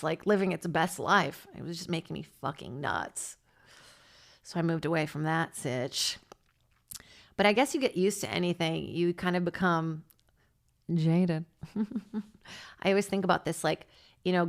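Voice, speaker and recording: A woman's voice: lowish voice, a little slow, gravelly, pauses often. A woman comedian from Brazil, podcast host, chatting in a rambling comedic monologue into a studio mic, swearing and jumping between topics. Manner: chatty, swearing, jumps between topics with sudden loud squawks. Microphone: studio mic on a stand.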